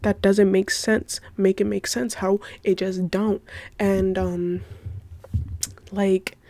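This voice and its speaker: A woman hosting a casual solo podcast, gushing excitedly, swearing a lot in slangy talk and giggling. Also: medium pitch, takes it slowly, no room sound. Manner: giggly, breaks into laughter. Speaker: podcast host.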